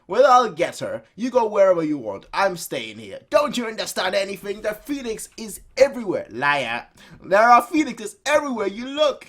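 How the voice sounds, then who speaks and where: A man voicing a stubborn, defiant young male warrior who shouts angrily while reading a manga aloud. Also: medium pitch, fairly even intonation, fairly quick, hardly any pauses, natural voice. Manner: shouting, angry.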